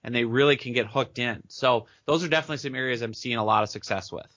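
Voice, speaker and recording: A man being interviewed as a business coach on a podcast, talking fast and eagerly and acting out chat messages as he goes. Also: mid-range voice, fairly bright tone, dry recording, muffled recording. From Minneapolis area, United States.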